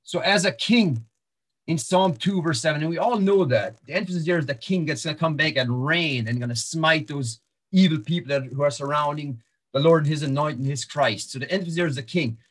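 Male preacher with a fairly high voice, teaching verse by verse, loose and halting. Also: breathy edge. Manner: walks through verses, repeats words and restarts, frequent fillers. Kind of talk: sermon-style Bible teaching.

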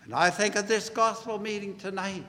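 A man preaching an earnest gospel sermon at a meeting, in a deliberate, measured way. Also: high-pitched, pushed and bright. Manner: earnest, slow and deliberate preaching, biblical phrasing. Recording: long hall reverb.

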